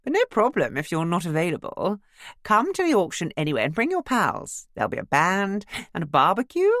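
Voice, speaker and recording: A woman's voice: lowish voice, wildly swooping pitch, brisk, no room sound, studio quality, pitched above the performer's own voice. A woman doing a posh, tactful neighbour. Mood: polite. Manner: cut-glass, bright and breezy.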